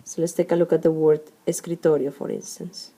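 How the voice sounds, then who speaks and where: A woman's voice: sits low, little pitch movement, a little fast, warm tone. A woman teaching a language lesson, explaining rules step by step and sounding out syllables one at a time. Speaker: Spanish teacher.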